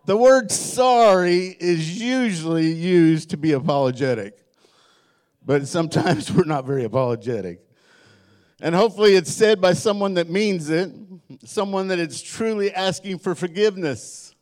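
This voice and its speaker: A man's voice: high-pitched, moderate pace, a little mellow. A middle-aged man preaching a sermon as pastor in a church, joking and telling stories while acting out the voices he quotes.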